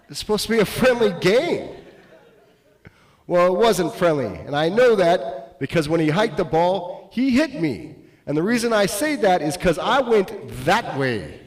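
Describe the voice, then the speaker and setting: Slow, roomy-sounding male stand-up comic. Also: medium pitch. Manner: self-deprecating, swings between loud bursts and muttered asides. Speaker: stand-up comedian. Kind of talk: stand-up comedy storytelling. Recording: roomy echo.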